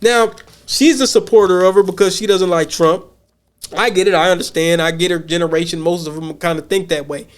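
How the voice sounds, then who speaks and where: A man's voice: high-pitched, steady tone, a little fast, smooth. An American man hosting a podcast, talking casually in a blunt, profane way, often repeating words as he thinks. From United States. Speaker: podcast host.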